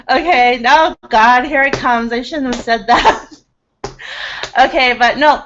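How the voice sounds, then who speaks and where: A woman's voice: fairly high pitch, takes it slowly, pauses often, fairly bright tone, a little hiss or hum. A woman hosting a casual livestream hangout, rambling and chatting with her viewers, laughing often and using lots of "like" fillers. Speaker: livestream host. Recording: slightly dull lo-fi webcam audio.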